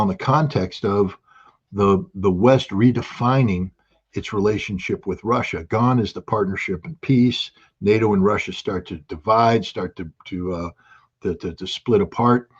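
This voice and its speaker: A husky, lowish male voice delivers impassioned political commentary, pressing his points with sarcasm. The audio is dull and lo-fi, like a remote video call. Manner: forceful, sarcastic, quotes leaders in mock voices. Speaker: guest analyst.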